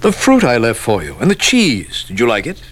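An actor playing a chatty prison guard who talks in a casual, offhand way. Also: male voice, mid-range voice, wildly swooping pitch, normal speed. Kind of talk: radio drama acting.

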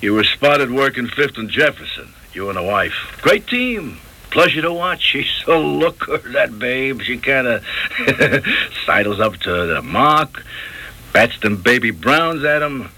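An actor playing a street tough who talks in fast, streetwise slang. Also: male voice, medium pitch, sing-song, sharp tone, husky, full character voice.

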